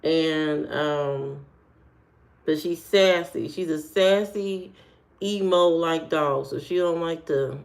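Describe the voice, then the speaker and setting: A woman's voice: sits low, takes it slowly, vocal fry. Sassy woman streamer joking with chat. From United States. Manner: sassy, joking, talks straight to viewers; loose, slangy speech with frequent fillers. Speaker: live streamer answering chat. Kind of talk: casual chat.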